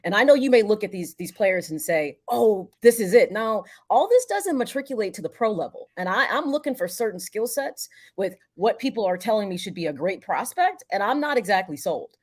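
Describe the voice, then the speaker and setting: A woman's voice: mid-range voice, big pitch swings, a little fast, hardly any pauses. A woman co-hosting a sports talk show, giving frank opinions and teasing her co-host. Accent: Chicago.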